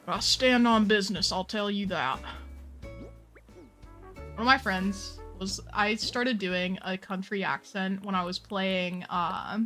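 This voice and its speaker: A woman chatting casually on a live stream while she plays a game, playful and opinionated, full of quick asides. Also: medium pitch, steady tone, bright, forceful tone, faint music behind.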